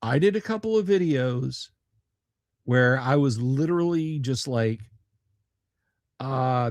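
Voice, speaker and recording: A man's voice: medium pitch, slow, dry recording. A man hosting a casual live stream from a home studio, rambling and joking with viewers, with stammering restarts. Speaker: livestream host.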